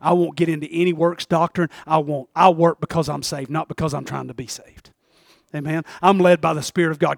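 A man preaching a sermon, calling for amens and swinging between shouts and hushed asides. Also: on the high side, steady tone, a little fast, creaky, no room sound, studio quality. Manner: calls for amens from the congregation. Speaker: pastor.

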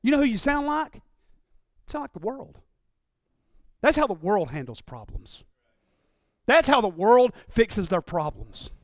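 A man preaches a sermon with a strikingly high voice for a man. He swings from loud shouts down to low murmurs and slips into his listeners' voices as he goes. The sound is dry and close, with no room echo. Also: very animated, measured pace, pauses often. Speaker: pastor.

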